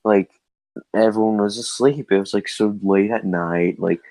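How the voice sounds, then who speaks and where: A young man co-hosting a podcast, telling his side of a story in a slow, rambling, laid-back way. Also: on the low side, fairly even intonation, darkish tone, no room sound. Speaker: podcast co-host. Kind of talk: casual storytelling chat. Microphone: headset.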